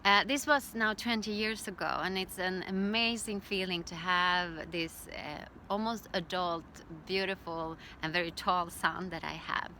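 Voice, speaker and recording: A middle-aged woman telling her own story as a birth educator, in a calm, reflective way. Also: lowish voice, measured pace, few pauses, a little hiss or hum. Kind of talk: personal storytelling.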